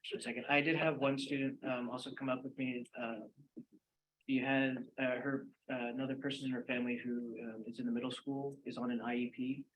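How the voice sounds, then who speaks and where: A man's voice: mid-range voice, flat delivery, brisk, fairly bright tone, slight background noise, rough recording. A young man, a student representative, hesitantly passes a question on to a school board, with many fillers. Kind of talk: hesitant meeting report.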